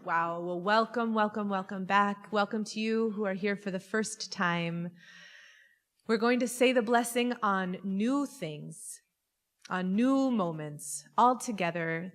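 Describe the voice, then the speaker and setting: A woman's voice: medium pitch, measured pace, long reverb tail. A woman rabbi leading a Shabbat service, chatty and playful as she talks with the congregation. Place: synagogue sanctuary.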